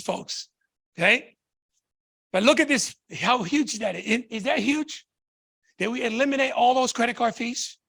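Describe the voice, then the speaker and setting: A man giving an excitable, repetitive sales pitch to an audience, calling them folks and guys. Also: creaky. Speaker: business presenter.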